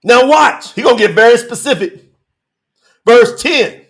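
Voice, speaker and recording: A man preaching a sermon, reading scripture verses and commenting on them with emphatic rhetorical questions and bursts of shouting. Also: very high voice, lively intonation, measured pace. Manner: breaks into shouting.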